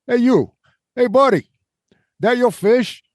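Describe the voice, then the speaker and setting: A guy doing a loud pushy new york beach dude, way higher than his own voice. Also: lively intonation, takes it slowly, no echo, studio quality, exaggerated voice. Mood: hollering. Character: brash, friendly New York beach fisherman.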